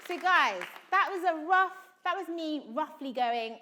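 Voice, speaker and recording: A woman actor from Somerset giving an energetic motivational talk to students, who keeps checking in with her listeners. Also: very high voice, measured pace, a faint crowd, a little hiss or hum. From England (Somerset).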